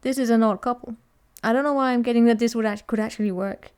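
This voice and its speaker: A woman's voice: on the high side, fairly even intonation, fast, darkish tone, smooth. A woman giving a casual, chatty tarot reading to viewers, teasing and laughing as she talks, often restarting her sentences. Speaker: tarot reader.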